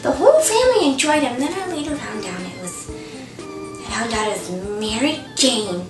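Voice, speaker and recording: A woman's voice: big pitch swings, normal speed, distant mic. A woman playing a daffy, chatty middle-aged mom, rambling in a folksy way in a comedy sketch monologue. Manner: rambling, folksy, chirpy with sudden shrill outbursts. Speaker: comic character monologue. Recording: echoey room, voice off-mic, music behind.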